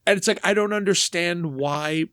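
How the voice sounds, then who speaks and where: A man's voice: sits high, moderate pace, pushed and bright, smooth, dry recording, clean studio sound. A man co-hosting a podcast, talking about films in a rambling, emphatic way with many restarts. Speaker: podcast co-host. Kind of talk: casual film discussion.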